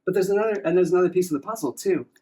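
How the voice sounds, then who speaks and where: A man's voice: high voice, rapid-fire, dark tone, breathy edge. An enthusiastic man presenting a science demonstration, explaining optical illusions to a partner. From USA. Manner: enthusiastic, upbeat.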